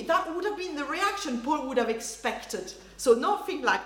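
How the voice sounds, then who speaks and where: Lively woman preaching in an echoey hall. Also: high voice, moderate pace, slight background noise. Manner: lively, animated, acts out quoted reactions, laughs often. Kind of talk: sermon. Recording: roomy hall echo, faint ambience.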